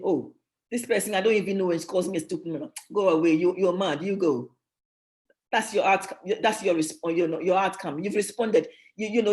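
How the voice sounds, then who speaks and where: A woman teaches a leadership session at a church in a mellow, warm voice. She speaks emphatically, hammers home key phrases by repeating them, and often restarts mid-sentence. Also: medium pitch. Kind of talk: motivational teaching talk.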